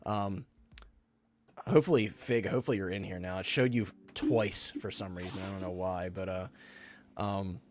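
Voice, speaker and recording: A man's voice: low-pitched, steady tone, moderate pace, noisy background. A man co-hosting a live stream, chatting casually and eagerly, rambling with many fillers and restarts while answering viewer comments. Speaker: livestream co-host.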